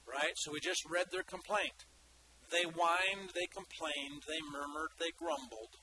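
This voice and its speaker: A man with a bright, forceful voice, pitched a little high for a man, preaching a sermon. He reads scripture aloud and breaks off to hammer points home with repetition. A faint hiss of noise sits under the recording. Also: fairly even intonation, unhurried, poor audio. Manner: reads Bible passages aloud with emphatic repetition and asides to the congregation. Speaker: pastor.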